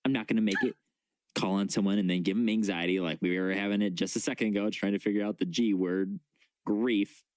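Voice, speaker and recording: A man's voice: on the low side, steady tone, fairly quick, no room sound. A male podcast host in casual chat, easygoing and joking as he steers the conversation.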